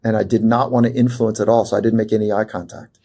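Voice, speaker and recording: A man, a performance psychologist, telling a personal story as a podcast guest in an animated way, with fillers and restarts. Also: on the low side, fast talker. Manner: animated storyteller who acts out quoted voices, many fillers and restarts.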